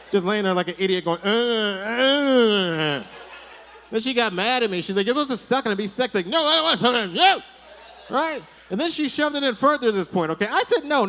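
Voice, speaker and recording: Fast, high-voiced stand-up comic man. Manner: rapid, animated storytelling with mock panic. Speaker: stand-up comedian. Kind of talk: stand-up set. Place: comedy club stage.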